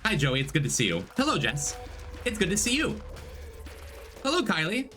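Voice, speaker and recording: A man's voice: high voice, wildly swooping pitch, normal speed, sharp tone, soft background music. A man streaming a game, chatting casually, rambling through a story and greeting viewers by name.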